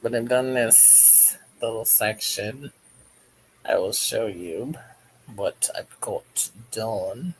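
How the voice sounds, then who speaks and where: A man's voice: fairly low pitch, drawn-out words, a little hiss or hum, poor audio. A man hosting a crochet livestream, chatting casually and jokily while reading the live chat aloud as he works.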